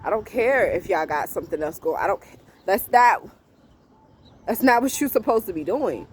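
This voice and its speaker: This woman speaks at a medium pitch, expressively and at a moderate pace, pausing often, with slight background noise. Filming outdoors on a street, she offers relaxed faith talk to the camera, stressing points by repeating them and laughing frequently.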